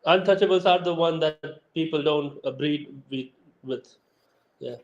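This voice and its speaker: A man's voice: a little high, normal speed, dull audio. A man calling in to a casual chat, speaking earnestly and repeating himself.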